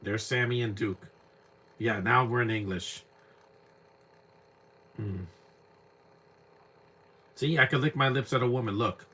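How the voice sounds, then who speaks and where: A man's voice: mid-range voice, slow pace, pauses often, pushed and bright, breathy edge. A young man giving casual live commentary on an old movie, rambling and repeating words as he searches for names.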